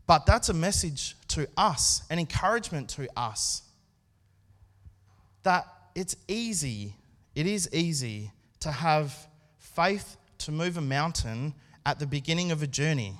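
A man preaching a sermon at a church service, speaking in an earnest, conversational way with pauses and restarts. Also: fairly high pitch, animated, fairly bright tone. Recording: long hall reverb.

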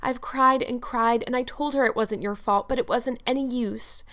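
A woman's voice: a little high, fairly even intonation, normal speed, a bit bright, lightly acted. A woman voicing a sweet, loyal young girl who speaks earnestly and tearfully in an audiobook. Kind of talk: audiobook character voice.

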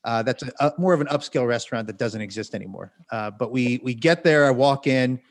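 A man's voice: mid-range voice, fast talker. A man co-hosting a podcast, telling a long story in a rambling, wry way full of self-corrections and asides. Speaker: podcast co-host. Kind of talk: casual storytelling.

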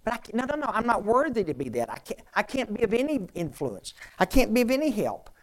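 A man's voice: high voice, big pitch swings, quick pace, pitched above the performer's own voice, rough recording. A man preaching a sermon voices a despairing man who stammers that he is worthless and can help no one. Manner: pleading, stammering self-reproach.

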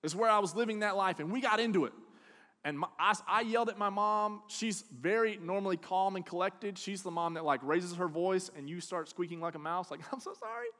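Animated high-voiced preacher in a hall. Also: male voice, brisk. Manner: animated, swings from hushed to loud, acts out quotes. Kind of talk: sermon with storytelling. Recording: long hall reverb.

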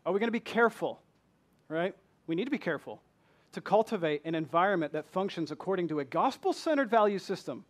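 A pastor from Michigan with a Southern accent preaches a passionate sermon in a church, his high-pitched voice animated and quick. He asks the congregation many rhetorical questions.

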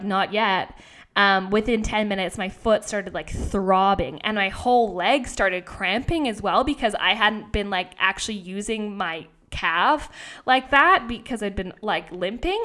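A young woman with a medium-pitched, fairly bright voice speaks at a moderate pace. As a podcast host, she tells a story casually and animatedly, acting out her own lines and swearing freely.

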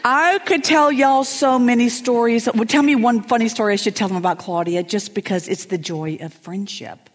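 A middle-aged woman, a pastor's wife telling lively stories from a stage and acting out her friend's voice. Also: moderate pace, few pauses. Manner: animated, acts out friends' voices with big pitch jumps. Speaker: pastor's wife speaking at a women's church event. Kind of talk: lively storytelling talk. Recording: hall reverb, from stage mic.

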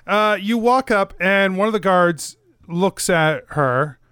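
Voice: medium pitch, expressive, takes it slowly, fairly bright tone, smooth, no echo, studio quality. A game master narrating a tabletop game off the cuff, hesitant and giggly with lots of fillers.

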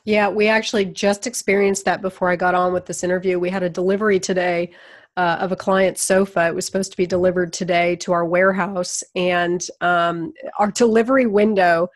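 Animated, low-voiced woman storyteller. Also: fairly quick. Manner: animated, acts out quoted voices. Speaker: interview guest. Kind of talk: casual conversational storytelling.

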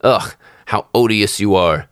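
A man voicing a grumpy, greedy little old male dwarf in a storybook reading, shrill and scolding. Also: measured pace, clear, resonant tone, dry recording, clean studio sound, close to an everyday voice. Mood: grumbling. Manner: snarling, scolding.

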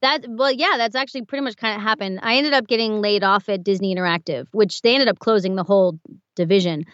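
A woman, an audiobook narrator, chatting as a guest in an interview, animated and quick to laugh. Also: mid-range voice, no echo, lo-fi sound. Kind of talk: casual interview chat.

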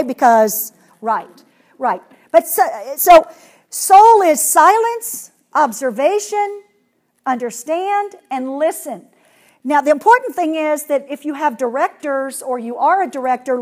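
High-pitched woman running a teacher workshop, lively, keeps acting out kids. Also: unhurried. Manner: animated, acts out children's voices. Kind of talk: classroom workshop talk.

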